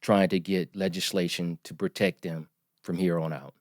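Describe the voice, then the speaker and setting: A man in his forties, a podcast guest, telling his story in an earnest, emphatic, measured way. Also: low voice, flat delivery, darkish tone, dry recording, clean studio sound. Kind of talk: storytelling interview.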